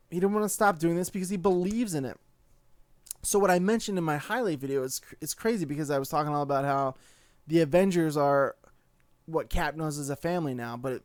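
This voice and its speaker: A young adult man giving a casual spoken movie review, excitable and gushing, full of "like" and "dude". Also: on the high side, no room sound.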